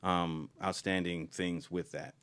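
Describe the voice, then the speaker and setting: A man's voice: low-pitched, level tone, takes it slowly, a bit bright, smooth. A man co-hosting a casual film podcast, talking enthusiastically with lots of fillers and restarts. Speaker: podcast co-host.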